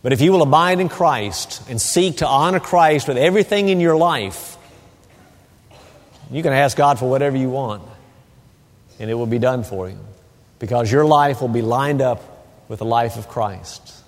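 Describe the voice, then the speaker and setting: A man preaching a sermon as a pastor, telling stories with lively rises and dropping to a hushed, soothing voice at times. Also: medium pitch, normal speed, pauses often. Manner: animated storytelling, hushed soothing asides. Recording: long reverb of a sanctuary.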